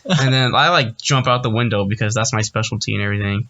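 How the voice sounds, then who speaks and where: A young man with a bright, forceful voice co-hosting a casual podcast and laughing often between stories. The recording sounds dull and lo-fi. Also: lowish voice, quick pace. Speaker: podcast co-host. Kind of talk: casual chat.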